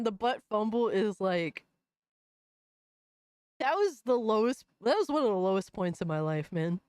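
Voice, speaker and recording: A woman's voice: mid-range voice, no echo, clean studio sound. A woman hosting a casual livestream, chatting in loose, profane slang and often breaking into laughter. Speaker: livestream host.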